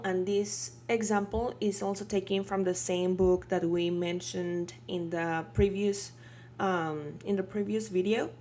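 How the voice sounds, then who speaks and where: A woman teaching a beginner language lesson, patient and explanatory, checking in with "right?" and pausing on fillers. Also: fairly low pitch, a little mellow, slight background noise. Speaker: Spanish teacher.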